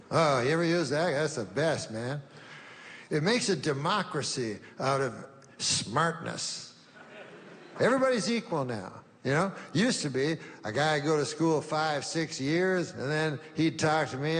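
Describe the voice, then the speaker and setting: Deadpan male stand-up comic, lively pitch. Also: long reverb tail, a little hiss or hum. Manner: dry, deadpan storytelling with halting pauses. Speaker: stand-up comedian. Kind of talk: stand-up comedy set. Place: comedy stage.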